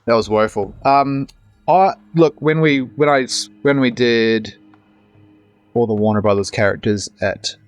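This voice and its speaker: Faint music plays behind a mid-range male voice, a little slow, belonging to an Australian actor in his thirties. He's a guest in a casual podcast interview, chatty and rambling, with frequent restarts.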